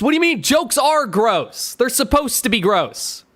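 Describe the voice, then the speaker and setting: A man's voice: extremely high pitch, sing-song, a little slow, fairly bright tone, no room sound. A man streaming live, reacting with sarcastic, mocking jokes and asides.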